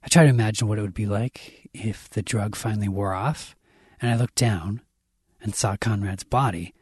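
A man reading a dark science fiction story aloud, intense and dramatic, raising his voice for the characters' shouts. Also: fairly low pitch, moderate pace, husky, no echo, studio quality. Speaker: audiobook narrator.

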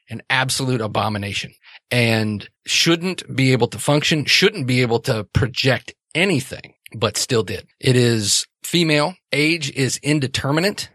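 A man's voice: mid-range voice, a bit bright, no echo, clean studio sound. A man narrating as game master of a tabletop game, rambling with many restarts and fillers.

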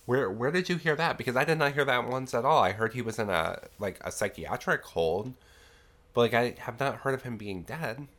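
A man's voice: medium pitch, animated, normal speed, a bit bright. A young man hosting a podcast, casually recapping a horror film in a chatty, sarcastic way, congested from a sinus infection. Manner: chatty, sarcastic, heavy use of "like". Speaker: podcast host.

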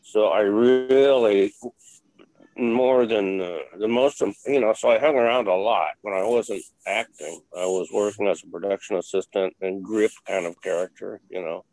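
A man's voice: on the low side, moderate pace, darkish tone, no echo, low-quality recording. An older man, an interview guest, telling rambling stories with lots of fillers and blunt swearing. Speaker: interview guest, former film crew member. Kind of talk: casual interview storytelling.

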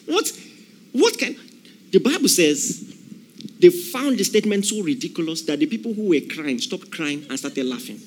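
A man's voice: on the high side, animated, normal speed, a little hiss or hum. A man preaching a sermon, emphatic, repeating key phrases and acting out the voices of people in the story.

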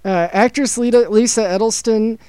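High-voiced man telling a story. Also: steady tone, moderate pace, warm tone, smooth, dry recording, low-quality recording. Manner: storytelling from prepared notes, dry jokes. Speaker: podcast host presenting a story. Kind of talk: casual podcast chat.

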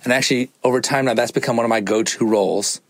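A man's voice: medium pitch, fast talker, no room sound. A man, a podcaster, telling a casual, playful story about his child, acting out the voices of his family. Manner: playful, animated, acts out quotes. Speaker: guest podcaster.

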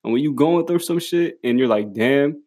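A man's voice: on the high side, expressive, brisk, dark tone. A young man giving a casual motivational monologue to the camera, blunt and full of swearing and slang, often laughing as he talks. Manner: profane, blunt street slang, emphatic; laughs often while talking.

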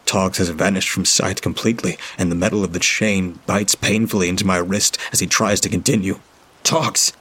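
A man narrating a horror story in a grim, steady first-person reading. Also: sits low, brisk, few pauses, breathy edge.

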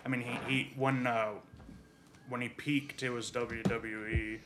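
A man's voice: medium pitch, flat delivery, a little slow, very noisy. A man co-hosting a podcast, rambling with many fillers and trailing off in casual chat. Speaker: podcast co-host.

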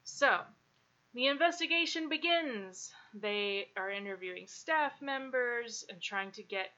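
A woman's voice: a little high, expressive, a little slow, sharp tone, lo-fi sound. A woman casually telling a true crime story as podcast co-host, laughing often and swearing freely.

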